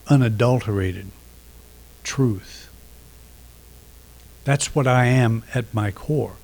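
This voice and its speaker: A middle-aged man giving a reflective sermon, unhurried, pausing often and restarting phrases. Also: mid-range voice, vocal fry, darkish tone. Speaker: minister.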